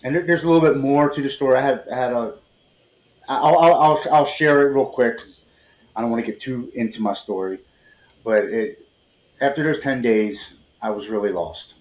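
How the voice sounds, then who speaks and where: Heard with a roomy echo, a forties-aged podcast guest shares a personal story with earnest emotion. He speaks at normal speed in a medium-pitched voice and frequently repeats words when beginning sentences.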